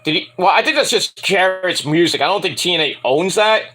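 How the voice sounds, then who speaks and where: Young male reviewer, high bright voice, lively rambling delivery. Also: brisk. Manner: rambling, animated, mimics wrestlers in shouted bursts. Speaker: wrestling show reviewer. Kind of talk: casual solo review.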